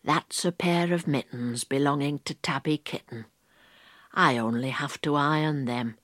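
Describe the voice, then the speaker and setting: A woman voicing a small, polite, busy female hedgehog washerwoman in a storybook reading, with bright eager chatter. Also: deep voice, measured pace, no echo, clean studio sound. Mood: chatty, busy. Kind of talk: storybook read-aloud.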